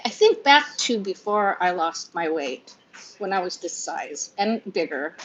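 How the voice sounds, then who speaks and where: A woman's voice: lowish voice, sing-song, a little slow, a little hiss or hum. A woman in her fifties chatting on a livestream from home, scattered and confiding, laughing through sadness. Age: 50s. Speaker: vlogger hosting a livestream. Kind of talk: rambling emotional livestream chat. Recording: lo-fi livestream audio.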